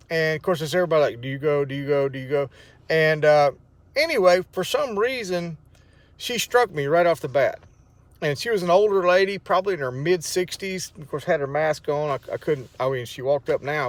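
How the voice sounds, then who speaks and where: Middle-aged man, vlogger; heartfelt, halting storyteller, fairly high pitch, dry close mic. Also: dry recording. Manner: rambling, emotional storytelling with many restarts. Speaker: vlogger sharing a testimony. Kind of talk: casual spoken testimony.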